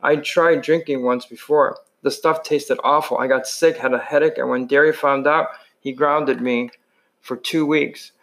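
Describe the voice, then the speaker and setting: A man's voice: medium pitch, steady tone, a little slow, gravelly, a bit bright. A man reading a novel chapter aloud in a plain voice, with frequent slips and restarts. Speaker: reader.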